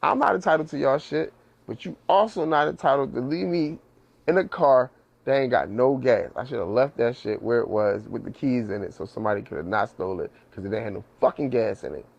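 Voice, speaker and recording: Gravelly-voiced man telling a story. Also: mid-range voice, brisk, highs cut off. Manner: animated, slangy, acts out quoted voices. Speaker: podcast host. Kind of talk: casual storytelling.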